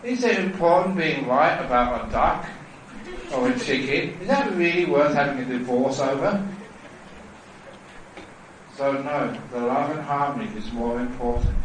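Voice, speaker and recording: A man, a Buddhist monk teacher, gives a dharma talk at a temple retreat, telling stories with lively, laughing delivery. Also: mid-range voice, a little hiss or hum. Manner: animated, laughing, drawn-out. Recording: very echoey hall, mic far off.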